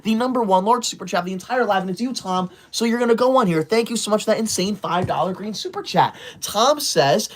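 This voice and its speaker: A man's voice: high-pitched, expressive, fast talker, hardly any pauses. A man playing a touchy, rule-obsessed young male livestreamer in a comedic parody, talking in a prim, stiffly formal, scolding way.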